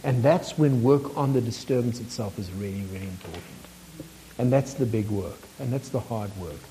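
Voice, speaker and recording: A man's voice: medium pitch, normal speed, dark tone, a little hiss or hum, poor audio. Chuckling man leading a workshop group. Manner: chuckles often, asks the group questions. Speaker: workshop facilitator. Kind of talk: teaching a workshop with storytelling.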